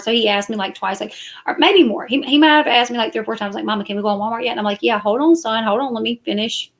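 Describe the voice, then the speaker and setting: A woman's voice: medium pitch, gravelly, a bit bright. A woman, chatting casually and defensively to her live stream viewers. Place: parked car at night.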